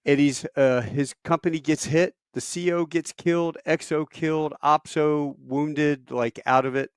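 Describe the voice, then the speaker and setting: Animated man hosting, slightly high voice. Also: unhurried, smooth, no room sound, studio quality. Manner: animated storyteller. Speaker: podcast host and Marine. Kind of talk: casual interview chat.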